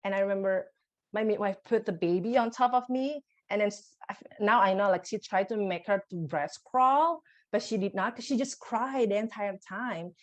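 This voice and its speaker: Woman telling a raw, halting story. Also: medium pitch, muffled recording. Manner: emotional, halting storytelling with restarts. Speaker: podcast guest. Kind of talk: personal birth story in conversation.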